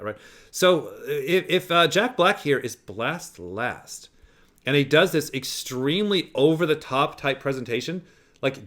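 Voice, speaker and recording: A man's voice: a little high, fairly bright tone. Rambling man commenting on clips. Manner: rambling, profane, fillers. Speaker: podcast host analyzing clips. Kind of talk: casual commentary.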